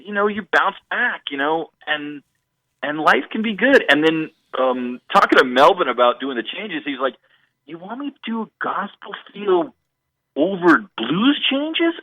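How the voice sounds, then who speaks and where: A man's voice: mid-range voice, sharp tone, no echo, low-quality recording. A man, a musician guest, telling stories in a rambling stream-of-consciousness way during a radio interview.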